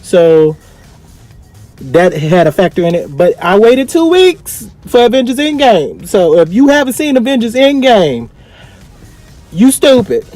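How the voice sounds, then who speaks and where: Young man, high voice, dramatic effusive vlog review, faint music behind. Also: a little slow. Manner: effusive, dramatic, swings between excited highs and quiet sighs. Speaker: vlogger reviewing a film. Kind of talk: casual excited vlog review.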